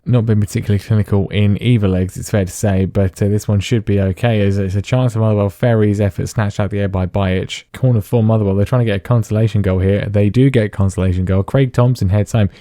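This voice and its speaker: Male gaming host, low and mellow, dry wry play-by-play with lots of ums, recorded dry. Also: steady tone, quick pace, few pauses, no room sound. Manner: dry, self-deprecating play-by-play with frequent fillers. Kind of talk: casual gameplay commentary.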